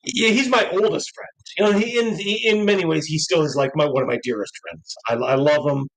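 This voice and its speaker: A man's voice: on the high side, a little fast, fairly bright tone, poor audio. A man hosting a live stream, telling rambling stories in a loose, tipsy chat and laughing often. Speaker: podcast host.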